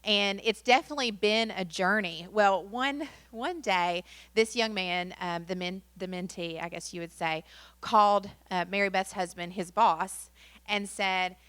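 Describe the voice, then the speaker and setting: A woman's voice: medium pitch, measured pace, a bit bright, clear, resonant tone, dry recording. Woman, workshop presenter, chatty, dry close sound. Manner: chatty, many fillers, acts out quotes in story. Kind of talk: training workshop talk.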